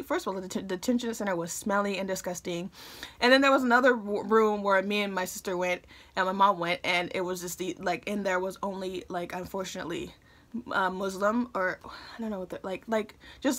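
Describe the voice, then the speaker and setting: A woman in her early twenties from Michigan, telling a personal story to a phone camera in a chatty way, with lots of fillers and quick asides. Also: medium pitch, fairly bright tone. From Michigan, USA. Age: early 20s. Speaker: vlogger. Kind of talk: casual storytime.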